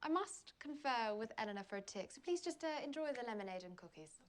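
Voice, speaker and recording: An actress playing a refined, eager-to-please socialite in a sitcom, with formal, polished phrasing. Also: female voice, on the high side, very animated, quick pace. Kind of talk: sitcom acting.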